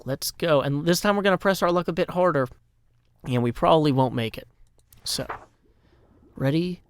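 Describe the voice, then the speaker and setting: A man's voice: a little high, lively intonation, brisk, smooth, no echo. Playful Southern US man, dry sound. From Nashville, Tennessee. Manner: playful, chatty, explains as he goes. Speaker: host. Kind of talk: game commentary.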